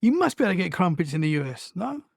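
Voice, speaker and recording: A woman's voice: lowish voice, very animated, very fast, vocal fry, slightly rough, dry recording, clean studio sound. A British woman co-hosting a casual podcast chat, easygoing and laughing often. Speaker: podcast co-host.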